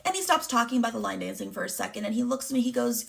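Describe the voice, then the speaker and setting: Fast-talking woman with heavy vocal fry. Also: fairly high pitch, expressive. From Chicago area. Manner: candid, rambling, many fillers. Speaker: vlogger. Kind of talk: casual personal storytelling.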